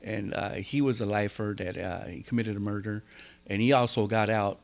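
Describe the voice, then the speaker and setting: A man, a podcast guest, telling his story openly in an animated way, with many restarts, acting out the voices of the people he quotes. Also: fairly low pitch, normal speed, gravelly. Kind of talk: candid storytelling interview.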